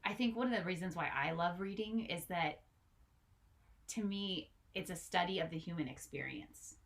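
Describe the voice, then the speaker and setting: A woman who teaches English, co-hosting a podcast in a relaxed chat, often laughing and chiming in. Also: on the low side, normal speed. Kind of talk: casual chat.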